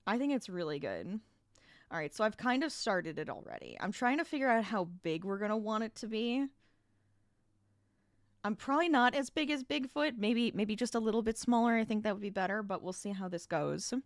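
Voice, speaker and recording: A woman in the middle of a casual crochet livestream, talking to her viewers as she works. She chats in loose, easy bursts, laughs a lot and trails off into restarts, and sounds a little short of breath. Her voice sits at an ordinary pitch, picked up close and dry by a desk mic. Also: very animated, fairly quick, dry recording. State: a bit out of breath.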